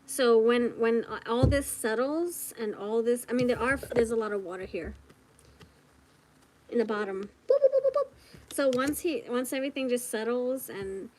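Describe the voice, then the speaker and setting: A woman's voice: on the high side, normal speed, a little hiss or hum, low-quality recording. Giggly, chatty woman tarot reader. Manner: chatty, giggly, thinks out loud. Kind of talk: casual tarot reading to the viewer.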